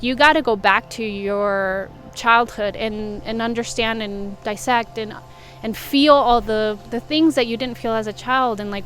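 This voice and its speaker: A woman's voice: a little high, a bit bright. A young woman talking candidly and reflectively about her own life, rambling a little with fillers. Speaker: vlogger and coach. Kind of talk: personal confessional talk.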